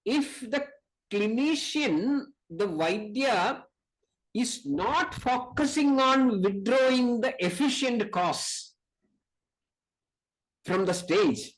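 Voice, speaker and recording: A man's voice: extremely high pitch, expressive, slow, rough recording. A man with an Indian accent giving an academic lecture on Ayurveda, speaking emphatically, repeating key points and reciting Sanskrit verses.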